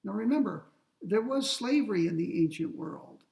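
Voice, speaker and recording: Gravelly-voiced man giving an ethics lecture. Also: high voice, animated, a little mellow, far from the mic, rough recording. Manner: deliberate, explains step by step, slows to read quoted text. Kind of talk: classroom lecture.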